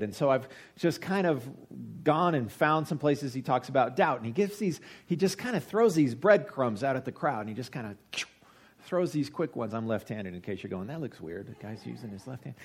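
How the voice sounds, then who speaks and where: A man in his forties, a pastor, preaching a conversational sermon that swings between loud emphasis and quiet asides. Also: medium pitch.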